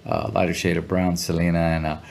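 A man with a low, gravelly voice tells stories in a laid-back, slangy way. He is a musician guest in a casual interview. Now and then he briefly acts out the voices of other people. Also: flat delivery, a little fast, a little mellow, a little hiss or hum. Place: Los Angeles area.

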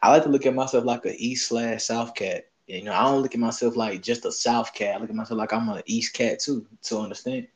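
A man's voice: medium pitch, fairly even intonation, fairly quick, few pauses. A man with a Southern US accent hosting a casual chat, talking in laid-back slang and laughing often. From Southern United States. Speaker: podcast host.

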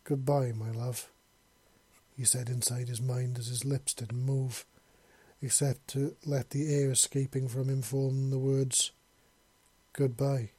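A man reading a dramatic story aloud as narrator, in a steady, low-key way. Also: unhurried, slightly rough, no echo. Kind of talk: audiobook reading of a fan story.

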